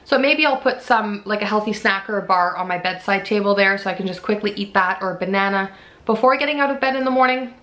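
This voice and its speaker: Talking fast in a medium-pitched, fairly bright voice, a woman in her thirties shares a casual pregnancy update from home. This vlogger is chatty and candid, peppering her speech with "like" and "you know," recorded on her camera mic.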